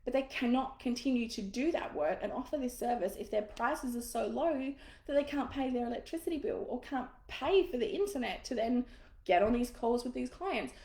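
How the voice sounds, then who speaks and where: A woman's voice: a little high, lively intonation, normal speed, gravelly, dark tone, echoey room. A woman coaching business owners in a live masterclass, casual, frank and encouraging, swearing now and then.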